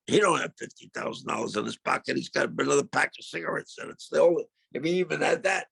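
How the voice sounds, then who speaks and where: An older man, a guest, telling a casual story in a gravelly voice and acting out the dialogue. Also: a little high, fast, no room sound. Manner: animated, acts out quoted dialogue.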